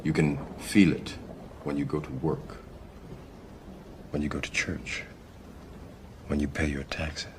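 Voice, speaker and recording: An actor playing a calm male mentor who speaks slowly and solemnly, sometimes dropping to a hush. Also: a bass voice, background noise. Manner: slow, solemn, hushed dips to near whisper. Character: grave, calm male mentor revealing hidden truth. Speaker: mentor figure in a film. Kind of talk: dramatic film dialogue. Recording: film clip with music behind.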